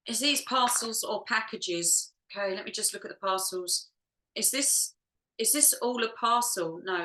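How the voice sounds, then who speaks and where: A woman leading a group healing session, musing softly and talking herself through each step, at times close to tears. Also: fairly high pitch, reverberant, poor audio. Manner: soft, musing, talks to herself while checking. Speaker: energy healer.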